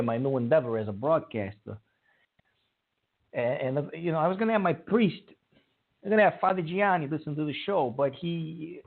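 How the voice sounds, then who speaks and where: A man hosting a call-in radio show, talking in a rambling way with many halting restarts. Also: fairly high pitch, gravelly. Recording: tinny phone-line sound.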